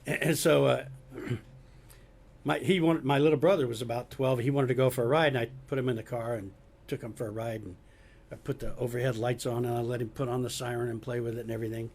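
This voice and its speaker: Gravelly, husky older man. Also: medium pitch, steady tone, a little fast, darkish tone. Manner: rambling, many restarts and throat clearing. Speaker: guest, former police officer. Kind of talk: casual chat.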